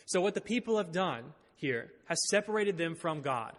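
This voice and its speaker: A man's voice: a little high, expressive, normal speed, a bit bright. A man preaching a sermon in a church, reading scripture aloud and explaining it with light humor. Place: church sanctuary. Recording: long reverb in a church hall.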